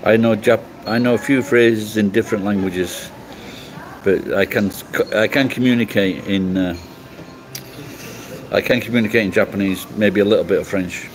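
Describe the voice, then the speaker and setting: A man's voice: on the low side, steady tone, normal speed, noisy background. A middle-aged man from England chatting casually on a livestream, rambling and swearing bluntly as he answers comments. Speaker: livestream host.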